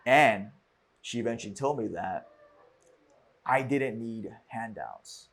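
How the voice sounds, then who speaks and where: A man hosting a podcast, telling a personal story in a halting, reflective way with frequent restarts. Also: mid-range voice, expressive, vocal fry, fairly bright tone, slightly rough. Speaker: podcast host.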